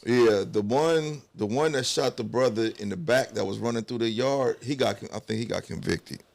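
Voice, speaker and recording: Gravelly-voiced talk show guest. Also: male voice, mid-range voice, moderate pace, a little mellow. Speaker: studio guest. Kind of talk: casual opinion talk show.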